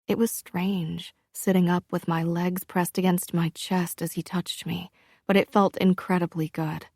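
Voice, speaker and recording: A woman narrating a first-person romance audiobook in a slow, hushed, intimate manner. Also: fairly low pitch, little pitch movement, dry recording, clean studio sound.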